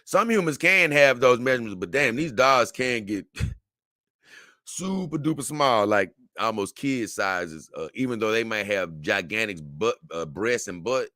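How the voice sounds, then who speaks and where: A man's voice: on the low side, lively intonation, a little slow, sharp tone, no echo, studio quality. A man hosting a casual livestream, reading out viewer comments and answering them in loose, repetitive, slang-heavy talk.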